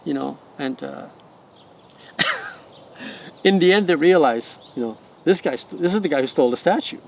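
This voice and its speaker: A man's voice: fairly high pitch, measured pace, gravelly, a little hiss or hum. A middle-aged man who directs a wellness center, telling stories in conversation and acting out the voices of the people in them. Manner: animated storyteller who acts out quoted voices. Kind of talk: conversational storytelling.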